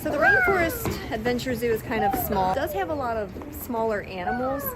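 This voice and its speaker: A woman's voice: fairly high pitch, huge pitch swings, a little fast, a loud crowd. An older woman, a grandmother, narrating a casual family vlog and talking to small children in a chatty, sing-song way. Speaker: vlogger and grandmother. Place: outdoor petting area of a small zoo. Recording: loud outdoor background noise.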